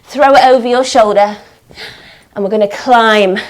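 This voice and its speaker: A woman teaching a storytelling yoga class for children, giving animated, coaxing instructions full of gasps and exclamations. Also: a little high, a little slow, low-quality recording.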